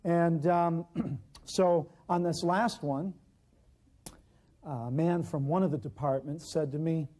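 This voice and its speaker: High-voiced American man telling jokey stories. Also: slow, warm tone. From United States. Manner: joking storyteller, clears his throat often. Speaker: herbal practitioner speaking to an audience. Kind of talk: humorous anecdotal talk to a live audience.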